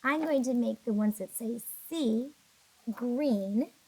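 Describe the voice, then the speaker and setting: Woman teacher, slightly high husky voice, patient, encouraging, a little sleepy, video lesson for small kids. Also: slow, mellow, rough recording. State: sleepy, yawning. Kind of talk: classroom video lesson for young children.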